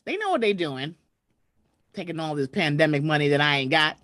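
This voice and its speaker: A chatty woman comedian hosts her live stream and talks straight to her viewers. Her pitch leaps around as she talks, and the sound is dry and close on a webcam. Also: animated, brisk, a bit bright, no room sound. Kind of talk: casual live-stream chat. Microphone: webcam video call.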